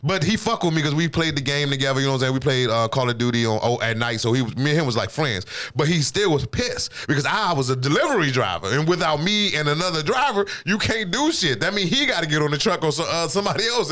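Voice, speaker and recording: Man, thirties, quick rambling storyteller, slightly high voice, casual profane podcast chat. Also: animated, fairly bright tone. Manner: rambling storyteller, often asks "you know what I'm saying".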